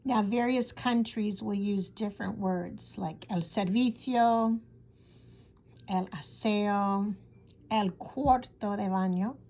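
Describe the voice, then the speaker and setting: A woman teaching a Spanish class, calmly pronouncing each word for her students. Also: medium pitch. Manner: clear, deliberate pronunciation of words. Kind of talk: slow classroom lesson.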